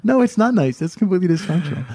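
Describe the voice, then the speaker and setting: A man's voice: sits high, lively intonation, mellow. A man hosting a casual podcast, rambling and joking, often laughing at his own stories. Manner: rambling, jokey, quick to laugh. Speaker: podcast host.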